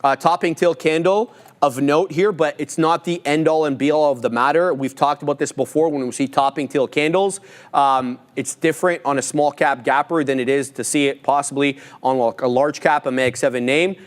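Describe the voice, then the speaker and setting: A man's voice: on the high side, fairly even intonation, moderate pace. A man co-hosting a live trading stream, mixing loose, joking banter with chart commentary. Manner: loose, joking, thinks aloud. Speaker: trading show co-host.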